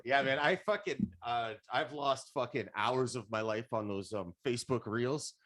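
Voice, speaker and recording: A man's voice: medium pitch, moderate pace, fairly bright tone. A man co-hosting a casual podcast, talking loosely, swearing and laughing. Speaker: podcast co-host.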